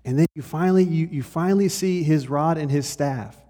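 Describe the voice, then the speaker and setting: A male pastor giving a conversational sermon. He moves between lively and hushed delivery and speaks straight to the congregation. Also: a little high, fairly quick. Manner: conversational preaching, shifts between animated and hushed. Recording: long hall reverb.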